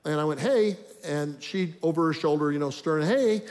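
A man's voice: fairly high pitch, level tone, fast talker. An older man telling an earnest, story-driven sermon about marriage. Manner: earnest, acts out inner thoughts in story. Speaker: preacher on marriage. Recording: long reverb of a large hall.

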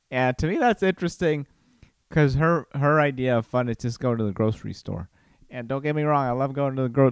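A man's voice: medium pitch, smooth, dry recording, studio quality. A man hosting a podcast from home, rambling casually with frequent restarts and chuckles. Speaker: podcast host. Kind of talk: casual chat.

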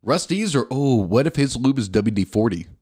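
A man co-hosting a casual comedy podcast, telling crude jokes and animated stories. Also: medium pitch, normal speed. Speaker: podcast co-host.

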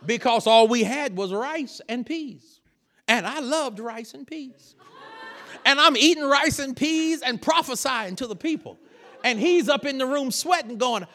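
A man preaching a lively sermon, telling a story with laughter and sudden shouted bursts. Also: very high voice, unhurried. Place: church sanctuary.

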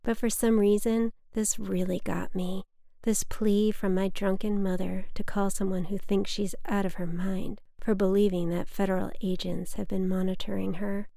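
Woman narrator, personal memoir read close and dry, reflective, gravelly. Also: medium pitch, flat delivery, mellow, dry recording. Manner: measured, wry, reflective. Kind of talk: reading a personal story aloud.

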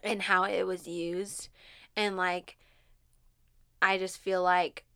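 A young woman, co-hosting a podcast, who talks openly, laughs often and grows animated when retelling events. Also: lowish voice, takes it slowly, clear, resonant tone, no room sound, studio quality. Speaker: podcast co-host. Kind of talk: candid conversation.

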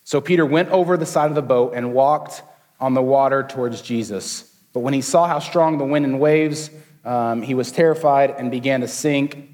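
A young man preaching a casual, joking sermon as a student pastor, slipping into quick voices for the people in his story. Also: medium pitch, a little mellow. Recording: long hall reverb.

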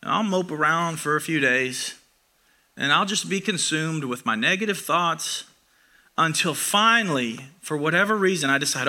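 A young man preaching a sermon in a conversational, self-deprecating way, booming loud for emphasis and then dropping to a soft near-whisper. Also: lively intonation, moderate pace.

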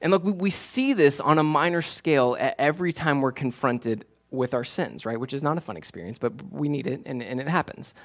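A man, preaching a sermon in a conversational way, repeating key phrases and growing animated when he tells stories. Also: medium pitch, a little fast, hardly any pauses. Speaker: pastor.

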